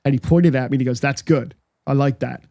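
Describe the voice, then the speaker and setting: Podcast co-host, male, raspy-gravelly voice, animated anecdote teller, dry close mic. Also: medium pitch, fast talker, no room sound. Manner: storytelling, acts out quotes, frequent restarts. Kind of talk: casual chat.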